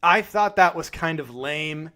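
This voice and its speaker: In a fairly high, sharp voice, a man co-hosting a podcast talks about movies in an animated yet unhurried way. The chat is casual, with frequent laughter and free swearing.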